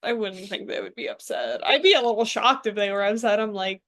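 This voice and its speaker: A woman's voice: fairly high pitch, moderate pace. A young woman co-hosting a casual podcast chat, laughing often and trailing off into mumbles. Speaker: podcast co-host.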